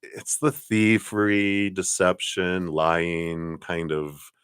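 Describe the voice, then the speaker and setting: A man's voice: deep voice, takes it slowly, clear, resonant tone, dry recording, clean studio sound. A man giving tarot readings on a live stream, rambling with many fillers. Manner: rambling, warm spiritual talk with fillers and laughs. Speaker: tarot reader.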